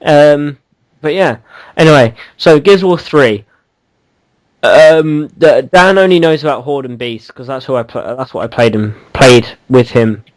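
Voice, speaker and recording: A man's voice: medium pitch, measured pace, no room sound, poor audio. A man co-hosting a casual gaming podcast, rambling and teasing, with lots of ums and restarts. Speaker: podcast co-host.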